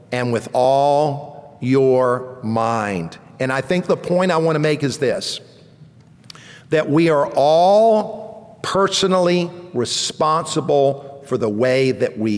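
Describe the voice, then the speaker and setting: A man, a pastor, preaching a sermon with emphatic swells on key words. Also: medium pitch. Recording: long church reverb.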